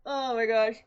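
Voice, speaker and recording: A woman's voice: high-pitched, dull audio. A young woman streamer in casual chat, chatty and laughing often as she tells stories.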